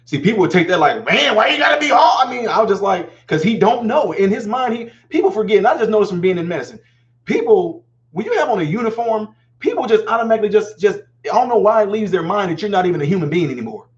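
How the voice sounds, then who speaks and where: A man's voice: high-pitched, animated, darkish tone, highs cut off. A man in his forties hosting a live call-in show, talking emphatically and acting out quoted lines. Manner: fast, emphatic, acts out quotes. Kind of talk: animated call-in talk.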